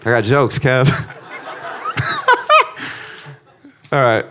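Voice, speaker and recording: A male stand-up comedian with a lively, bouncing delivery. He drops into hushed, thoughtful asides, then swells into loud, profane punchlines. His delivery stays loose, chatty and built around stories. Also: mid-range voice, very slow, slight background noise. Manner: shifts between hushed reflective musing and loud punchlines; profane, conversational storytelling.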